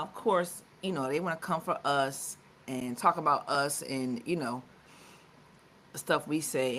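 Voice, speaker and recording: Co-hosting a live talk show, a woman with a low, bright voice speaks in a forceful tone. Her casual chatter is full of fillers and restarts, and there's a little background noise.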